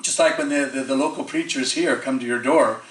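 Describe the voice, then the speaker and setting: A man giving a storytelling sermon as a preacher, lively, acting out the quoted voices of the people in his story and chuckling often. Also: mid-range voice, brisk. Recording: echoey temple hall from far off.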